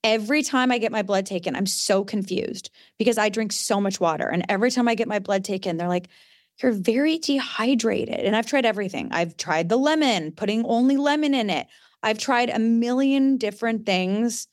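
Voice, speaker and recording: A woman's voice: mid-range voice, a little fast, no echo. Woman, podcast co-host, earnest chatty ad read, dry close sound.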